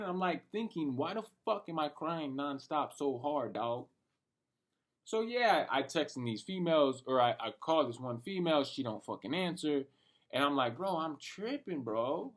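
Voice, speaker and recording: A young man with a slightly high voice rants through a late-night story. He rambles in an animated way, heavy on slang and profanity, often arguing with himself. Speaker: vlogger. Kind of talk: late-night personal rant.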